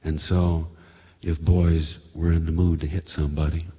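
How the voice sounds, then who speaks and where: A man with a very deep, husky voice tells a story in an unhurried monologue. His delivery is measured and wry, with understated asides, and it rings with a long hall reverb on a dull lo-fi recording. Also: level tone.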